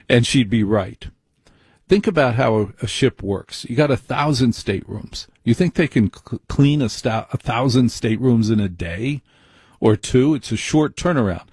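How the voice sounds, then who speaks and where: A man's voice: medium pitch, a little mellow, breathy edge, dry recording. A man delivering a rambling, digressive comedic rant in a conversational way.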